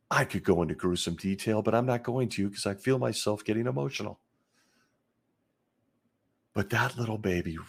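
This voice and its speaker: A man hosting a podcast, telling a disturbing story in a slow, intense monologue with heavy pauses. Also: on the low side, vocal fry, husky. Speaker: podcast host.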